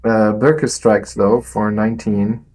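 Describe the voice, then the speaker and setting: A man's voice: on the low side, steady tone, measured pace, darkish tone, a little hiss or hum. Man running a tabletop game. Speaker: game master.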